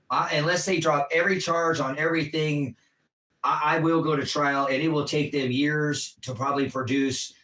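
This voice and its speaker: A middle-aged man hosting a livestream, talking in a rambling, animated way with quick asides and voices for the people he quotes. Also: mid-range voice, a little hiss or hum, low-quality recording. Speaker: livestream host.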